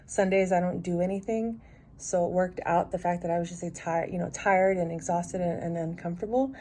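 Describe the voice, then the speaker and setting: A woman's voice: lowish voice, steady tone, fairly quick, dark tone, a little hiss or hum. A woman in her forties chatting casually at home for her vlog, rambling with lots of restarts and fillers. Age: 40s. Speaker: vlogger.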